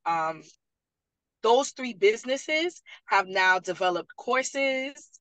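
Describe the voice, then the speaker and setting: Her voice is on the high side and she takes her time as she recounts stories on a casual panel, acting out others' words with animation. She's a parent liaison and program graduate, recorded dry and at low quality.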